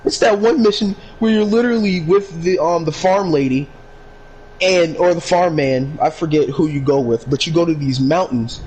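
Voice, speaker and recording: A man co-hosting a podcast, talking in an animated, ranting casual way with lots of swearing. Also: on the high side, moderate pace, crowd noise, low-quality recording. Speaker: podcast co-host. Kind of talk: casual chat.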